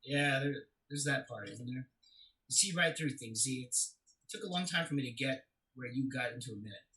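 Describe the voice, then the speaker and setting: A man's voice: mid-range voice, fairly quick, lightly acted, low-quality recording. An actor playing a young man who recounts his father's death in a confessional, storytelling way during a stage play reading. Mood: rueful. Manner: confessional storytelling, swings to loud anguish.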